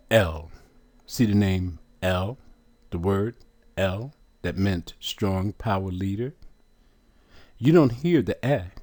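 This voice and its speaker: A man teaching a lesson from a letter chart, asking questions and repeating each sound slowly. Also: fairly low pitch, warm tone, no echo, studio quality.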